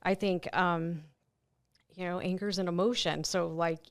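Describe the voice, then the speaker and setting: Smooth-voiced woman podcast host. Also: lowish voice, steady tone, moderate pace. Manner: supportive, encouraging listener. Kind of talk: casual conversational interview.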